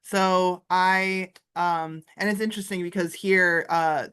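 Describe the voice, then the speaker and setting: A woman's voice: fairly low pitch, steady tone, slow pace, fairly bright tone, smooth. A woman in her thirties from Florida, an artist and comics teacher, chatting casually in an interview with lots of filler words over a video call. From Florida, USA. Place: art studio, indoors.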